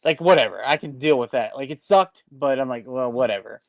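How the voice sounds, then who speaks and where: A man co-hosting a podcast, telling a story in a rambling, animated way with lots of restarts and acted-out quotes. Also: medium pitch, a little fast, dry recording. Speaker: podcast co-host. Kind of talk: casual chat.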